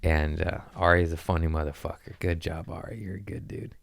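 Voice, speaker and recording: A man's voice: low-pitched, a little fast, creaky, no echo, studio quality. A man hosting a podcast, telling rambling stories in a casual chat and acting out what people said. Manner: rambling, animated storytelling with voiced quotes. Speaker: podcast host.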